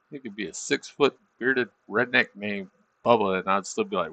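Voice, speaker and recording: A man's voice: lowish voice, normal speed, bright, forceful tone, no room sound, lo-fi sound. A middle-aged man livestreaming his trading, talking casually in a rambling, self-deprecating way. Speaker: livestreaming trader.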